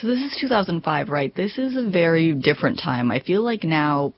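A podcast host narrating a documentary story and asking measured, probing questions. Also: medium pitch, expressive, no echo, muffled recording.

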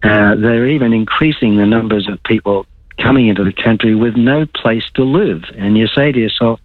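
A man's voice: on the low side, normal speed, no room sound. Older Australian man calling in on a phone line. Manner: rambling, searches for words, blunt opinions. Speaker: caller. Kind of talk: casual talk radio call.

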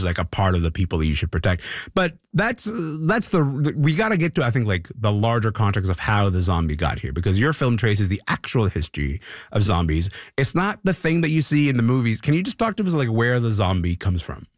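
Deep-voiced male host, lively and dry. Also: dry recording. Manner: conversational, enthusiastic, casual phrasing. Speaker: interview host. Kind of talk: interview questions.

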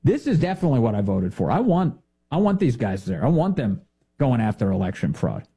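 A man's voice: high-pitched, warm tone, slightly rough. A man hosting a political commentary show, talking in a sarcastic, indignant monologue full of rhetorical questions. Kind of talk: opinionated monologue.

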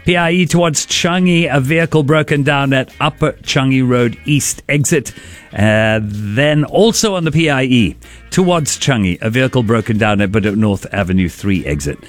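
A man's voice: medium pitch, lively intonation, normal speed, soft background music. A man co-hosting a radio show who chats casually and reads the traffic report. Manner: easygoing, reacting with short agreements. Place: radio studio.

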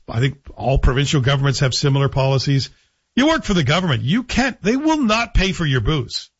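A man's voice: on the high side, slightly rough, dry recording, lo-fi sound. A man giving a sardonic political commentary monologue, firing rhetorical questions at the listener. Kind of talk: opinionated monologue.

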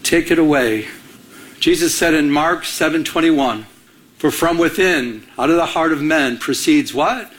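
A man's voice: fairly high pitch, unhurried. A man preaching a sermon, telling a personal story and acting out the dialogue in it. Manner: animated storyteller, acts out quoted dialogue. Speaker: pastor.

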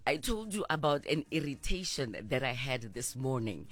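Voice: medium pitch, sing-song, moderate pace. A radio co-host, chatting expressively on a morning show from a studio. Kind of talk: casual breakfast radio chat.

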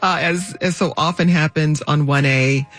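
A woman radio host wrapping up a program in a brisk, polished announcing manner. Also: sits low, fairly bright tone, faint music behind.

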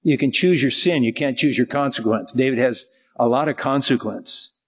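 A man's voice: mid-range voice, moderate pace, slightly rough, in a large hall. A man preaching a sermon in a conversational way, often restarting his sentences. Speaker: pastor.

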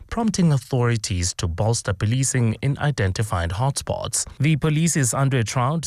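A man anchoring a radio news bulletin, reading scripted copy in a measured, formal way. His voice sits at an ordinary middle pitch and is recorded close and dry in a studio. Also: no echo. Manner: steady formal delivery.

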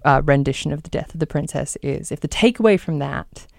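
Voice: medium pitch, expressive, brisk, gravelly, dry recording, studio quality. A co-host of a podcast, thoughtful and a little hesitant, pushing back politely in a casual review chat.

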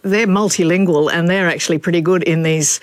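A woman's voice: lowish voice, steady tone, a little fast, no echo. A woman co-hosting a talkback radio show, explaining the history of words in a knowledgeable, conversational way. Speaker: radio co-host and language expert. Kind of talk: casual radio chat.

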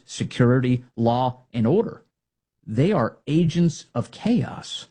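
A man's voice: mid-range voice, very animated, measured pace, mellow, husky. A male talk show host giving a sarcastic, combative opinion monologue with mocking asides.

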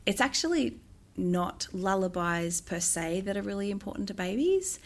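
A woman, a music therapist, explaining in an interview with a gentle manner and bursts of sing-song baby talk. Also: medium pitch, sing-song, normal speed. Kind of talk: interview answers.

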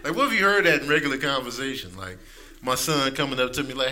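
A middle-aged man doing a stand-up set, acting out his friends and sons in voices. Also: fast. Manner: animated, acts out friends and family in high voices. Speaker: stand-up comedian. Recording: live club set with clear background noise.

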